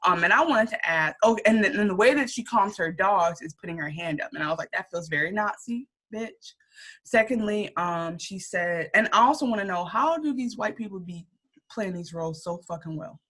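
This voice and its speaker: A woman co-hosts a casual reaction podcast, retelling scenes with lots of energy and acting them out. Her voice is bright and forward, and she swears freely as she talks. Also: mid-range voice, fairly quick. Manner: animated storyteller who acts out scenes, swears freely. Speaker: podcast co-host.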